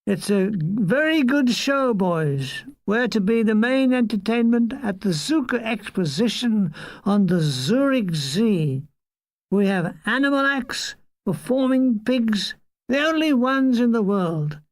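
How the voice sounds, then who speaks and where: A woman's voice: on the high side, animated, takes it slowly, no echo, studio quality. An older woman voicing a hyperactive male showbiz agent in his thirties in a storybook reading, talking eagerly like a salesman.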